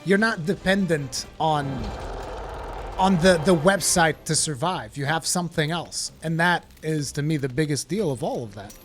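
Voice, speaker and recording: A man's voice: fairly high pitch, normal speed, a bit bright, a little hiss or hum. A man streaming a game, chatting casually and rambling with plenty of swearing. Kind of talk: casual live-stream chat.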